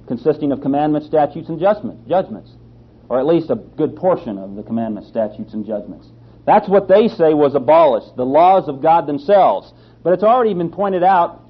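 A man teaching a sermon on scripture, who speaks emphatically, repeats his key phrases and asks rhetorical questions. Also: a little high. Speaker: Bible teacher. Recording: slightly dull lo-fi sound.

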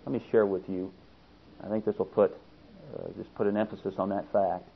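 A man's voice: little pitch movement, a little fast, vocal fry, breathy edge. Impassioned male preacher, tinny phone-like sound. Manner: impassioned, swelling to emphatic peaks then dropping low. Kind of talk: sermon.

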